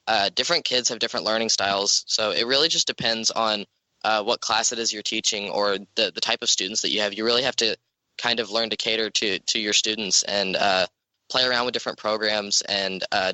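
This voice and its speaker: Bright-voiced teen boy giving advice. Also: on the low side, no room sound, poor audio. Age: teens. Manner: thoughtful advice with frequent "uh"s. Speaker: high school student guest.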